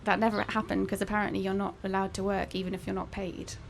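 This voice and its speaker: Young woman author talking at a bookshop, bit of vocal fry, faint hiss behind. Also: medium pitch, level tone, quick pace. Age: young adult. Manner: wry, candid storytelling. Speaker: author guest. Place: bookshop event space.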